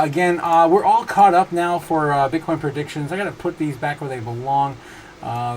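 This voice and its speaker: This livestream host has a fairly high-pitched voice and rambles casually while going through viewer comments, full of fillers and restarts. He often dissolves into helpless laughter, and slight noise sits in the background.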